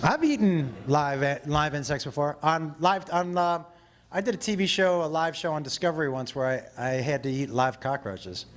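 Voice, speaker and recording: A man telling a story on stage as a stand-up comedian and joking with the crowd, jumping between shouts and mutters. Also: fairly high pitch, lively intonation, moderate pace, noisy background. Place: large hall with a live audience.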